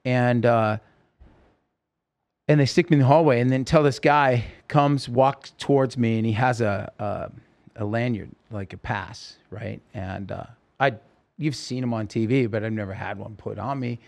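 A man's voice: medium pitch, normal speed, gravelly. A man in his fifties, a rock singer guesting on a podcast, telling a long story and acting out the dialogue. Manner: animated storyteller, acts out dialogue. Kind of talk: storytelling interview.

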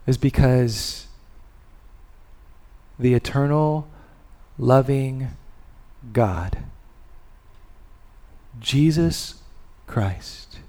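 Guy preaching a sermon real slow and careful, builds up on big words then goes quiet. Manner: slow, deliberate delivery with long pauses and soft endings; rises in intensity on key words, then drops low. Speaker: pastor.

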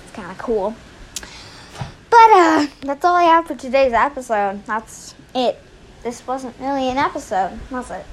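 A woman's voice: high-pitched, expressive, measured pace, a little hiss or hum, rough recording. A woman hosting her own podcast in a casual chat, rambling and hesitant with many fillers, recorded on a phone at home. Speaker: podcast host. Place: indoors at home.

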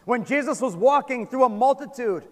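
A man preaching a sermon, swinging from loud calls down to hushed, low lines. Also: expressive, normal speed. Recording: long hall reverb.

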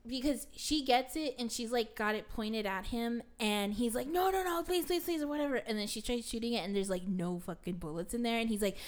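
A woman's voice: on the high side, fairly quick, few pauses. A young adult woman casually retelling a film to a friend, rambling with constant fillers and casual swearing. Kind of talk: casual chat.

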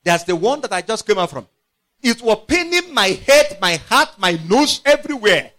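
A man preaching a sermon, emphatic and repetitive, swinging from loud outbursts to quiet, low phrases. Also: sing-song, moderate pace. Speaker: pastor.

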